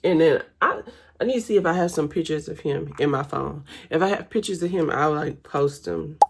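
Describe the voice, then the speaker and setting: Low voiced girl chatting thru her makeup, keeps saying y'all. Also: brisk, breathy edge. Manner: chatty, addresses viewers as y'all. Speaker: vlogger. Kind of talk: casual chat while doing makeup. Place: home.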